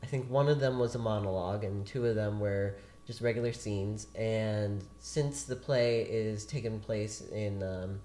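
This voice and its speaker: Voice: medium pitch, measured pace, hardly any pauses, mellow. An actor as a guest, telling a long story in a chatty, rambling way during a casual interview. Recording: roomy echo.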